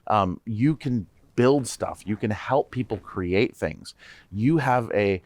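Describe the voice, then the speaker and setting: Low-ish guy, ceo on a podcast, hyped, keeps repeating himself, dry close mic. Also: slow, no room sound. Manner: energetic, repeats words, addresses listeners directly. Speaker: guest, tech company CEO. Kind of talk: casual podcast interview.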